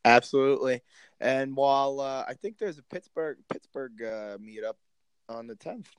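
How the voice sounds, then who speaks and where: A man co-hosting a casual podcast with a smooth, resonant voice. He tells loose, jokey stories packed with fillers and restarts. The sound is dry and close. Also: medium pitch, normal speed, dry recording. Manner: laid-back, jokey storytelling with fillers. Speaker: podcast co-host. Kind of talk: casual chat.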